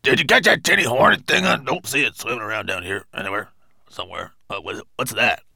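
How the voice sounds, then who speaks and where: A man reading an audiobook, voicing a grumpy, sulking male dwarf who whines and shouts his complaints. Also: medium pitch, fairly quick, gravelly, no room sound, pitched above the performer's own voice, exaggerated voice. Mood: sulky grumbling. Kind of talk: audiobook character voice.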